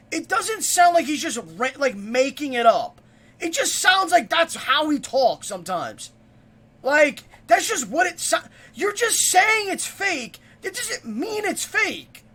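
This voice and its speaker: A male streamer reacting to a video in loose, casual talk. His voice sits high and moves a lot, and he gets heated and profane as he argues back. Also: pushed and bright.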